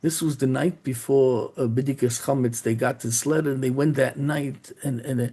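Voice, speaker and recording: A man, a rabbi, telling a story in a sermon with a halting delivery full of restarts and repeated words. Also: medium pitch, steady tone, mellow, husky.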